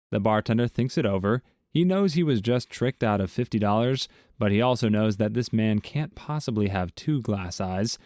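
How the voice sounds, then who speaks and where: A man narrating a series of jokes in an even, scripted storytelling read. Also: lowish voice, dry recording, studio quality.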